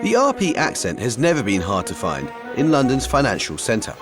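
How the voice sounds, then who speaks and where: A man's voice: medium pitch, wildly swooping pitch, moderate pace. A man narrating a documentary, his voice rising and falling with animation as he poses questions. He sounds engaged and curious. Music plays in the background. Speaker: documentary host.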